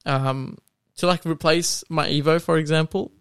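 Opinionated young man, smooth voice. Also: fairly high pitch, fairly even intonation, normal speed, no echo, clean studio sound. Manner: opinionated, laughs often, trails off with ums. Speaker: podcast co-host. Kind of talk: casual chat.

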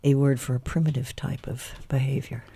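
A man in casual group chat, joking and jumping in with quick remarks. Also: medium pitch, creaky, husky, dry recording. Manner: lively, quick interjections and jokes.

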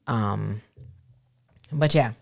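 A woman's voice: a bass voice, drawn-out words, gravelly, no room sound, studio quality. A woman co-hosting a podcast with her husband, talking candidly and acting out quoted dialogue. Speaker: podcast co-host. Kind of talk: casual podcast chat.

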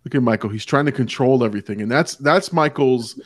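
A man hosting a casual podcast talk about a movie, animated, often acting out quotes in a changed voice. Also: mid-range voice, fairly quick, no room sound, clean studio sound. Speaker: podcast host.

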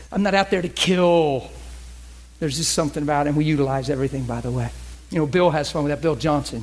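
A man in his forties with a high, light voice preaches a sermon. He tells his stories in a lively, chatty way and acts out every bit of dialogue in his own voice. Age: 40s. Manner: animated, chatty storytelling with quoted dialogue. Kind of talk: sermon storytelling.

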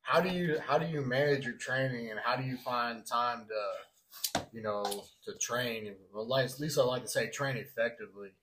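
A man's voice: mid-range voice, normal speed, sharp tone, slight background noise, rough recording. A man hosting a casual podcast, asking easygoing questions full of fillers.

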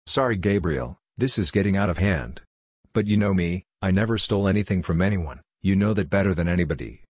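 A blunt, confrontational woman who runs a rough crew, as a male audiobook narrator reads her. The voice stays deep and husky, close and dry. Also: brisk, dry recording. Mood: conciliatory. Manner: curt, confrontational. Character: blunt tough female crew boss.

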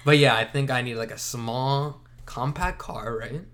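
A man's voice: mid-range voice, fairly even intonation, measured pace, fairly bright tone, a little hiss or hum. A man co-hosting a casual chat who rambles, jokes and corrects himself as he goes. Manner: rambling, jokey, self-correcting. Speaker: podcast co-host.

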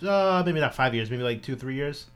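A man with a mid-range voice hosts a casual podcast. He speaks easily, pauses on fillers and wraps things up in a friendly tone. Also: mid-range voice, expressive, clean tone, faint music behind. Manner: easygoing, hesitant with fillers. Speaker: podcast host. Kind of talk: casual chat.

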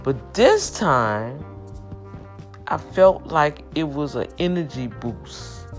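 A woman's voice: low voice, expressive, slow, faint music behind. A woman sharing an emotional personal testimony, with impassioned, emphatic, repetitive storytelling.

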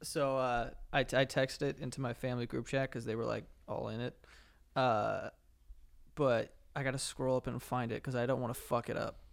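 A man co-hosting a podcast, telling a story in casual chat with lots of "like" fillers and an animated delivery. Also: mid-range voice, normal speed, vocal fry. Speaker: podcast co-host.

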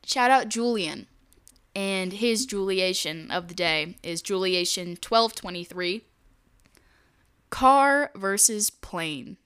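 A woman's voice: lowish voice, unhurried, a bit bright, clear, resonant tone. A young woman co-hosting a casual podcast over a call, laid-back and wry, often giggling. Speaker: podcast co-host. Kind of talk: casual chat.

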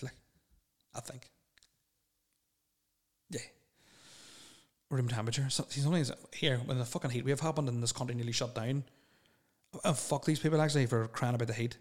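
A man's voice: medium pitch, fairly even intonation, a little fast, pauses often, darkish tone. A young man hosting a solo podcast, rambling and swearing bluntly as he answers listener questions. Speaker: podcast host.

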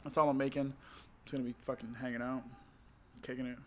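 A man's voice: medium pitch, flat delivery, quick pace, fairly bright tone, slight background noise. Blunt swearing guy arguing his point. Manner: blunt, argumentative, swears freely. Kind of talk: crude casual chat.

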